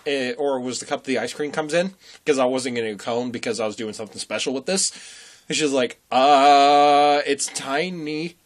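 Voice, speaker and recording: A man's voice: medium pitch, fairly quick. A young man co-hosting a casual chat who tells funny stories and laughs at his own jokes. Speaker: podcast co-host.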